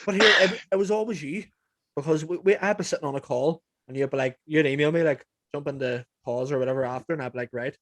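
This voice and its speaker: A young Northern Irish podcast host with a fairly high voice, recorded close and dry. He tells his anecdotes with plenty of swearing and acts out each quoted line. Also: fast, fairly bright tone, dry recording. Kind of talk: casual chat.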